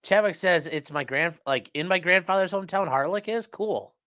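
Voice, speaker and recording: Reading viewer comments aloud, a man with a high-pitched, sharp voice hosts a casual livestream at normal speed. His manner is jokey and rambling.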